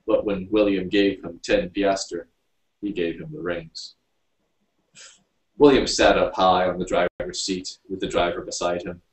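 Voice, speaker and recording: A man reading a story aloud, narrating in an unhurried storybook manner. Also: deep voice. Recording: roomy, distant mic.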